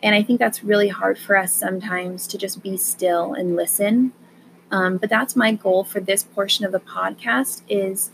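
A woman hosting a podcast, talking casually and gently with frequent fillers, then guiding a calm meditation. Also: medium pitch, vocal fry, slight background noise. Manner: slow, gentle, soothing delivery with fillers. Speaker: podcast host.

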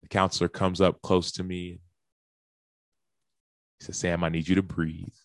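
A man's voice: sits low, flat delivery, moderate pace, no room sound. A man, a professional athlete, earnestly telling a personal story in a speech and acting out the lines and gasps of the people in it.

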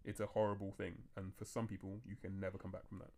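Man, podcast host, casual chat, low flat voice, rapid rambling delivery. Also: slight background noise. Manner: fast, rambling, self-interrupting talk.

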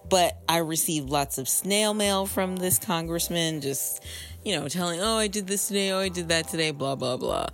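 A woman with a notably low voice hosts her own podcast, chatting straight to her listeners. Her delivery is animated and expressive, jumping from relaxed asides to emphatic outbursts. Faint music sits behind her. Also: moderate pace. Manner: animated and expressive, swinging between calm asides and exclaimed outbursts; chatty and conversational, addressing listeners directly. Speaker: podcast host. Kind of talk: casual solo podcast monologue. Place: home recording space in Brooklyn.

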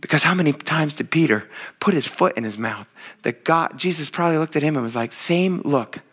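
Animated casual man preaching a sermon. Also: fairly high pitch, fairly quick, breathy edge. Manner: animated, acts out voices in quoted dialogue; casual, addresses congregation as "you guys". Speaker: pastor.

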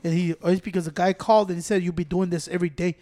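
A man's voice: sits high, little pitch movement, rapid-fire, dark tone. A man, ranting heatedly and profanely in casual podcast chat.

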